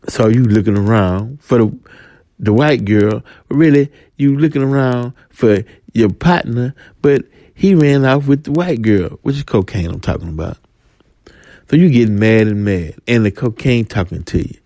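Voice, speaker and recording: A man's voice: medium pitch, lively intonation, normal speed, mellow, no echo, clean studio sound. A man ranting in a slangy storytelling monologue, restarting phrases often as a podcast host.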